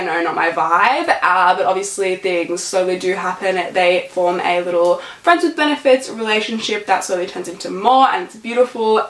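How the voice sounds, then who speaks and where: A young woman vlogging casual book reviews, gushing and calling every book stunning and beautiful. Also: medium pitch. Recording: echoey room.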